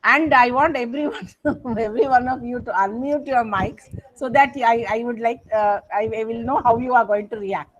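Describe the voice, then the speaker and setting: A woman's voice: on the high side, normal speed, lo-fi sound. A woman with an Indian English accent teaching English grammar in an online coaching class, coaxing students to respond, with frequent fillers and self-corrections. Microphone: video call.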